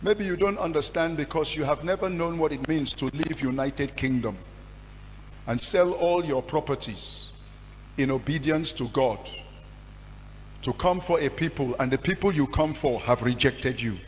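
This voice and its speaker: A man, a pastor giving a testimony sermon with passionate storytelling that surges in pitch and volume. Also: moderate pace. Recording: long hall reverb with faint hum.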